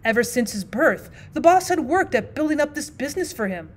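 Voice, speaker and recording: A woman teacher reading a classic short story aloud as audiobook narration, measured and expressive. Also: high voice.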